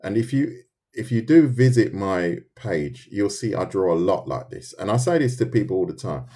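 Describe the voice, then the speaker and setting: Sketching live, this deep-voiced Londoner with a London accent keeps up an animated, moderately paced chat. Loose and thinking aloud, he reads viewer comments and responds to them in sentences full of restarts.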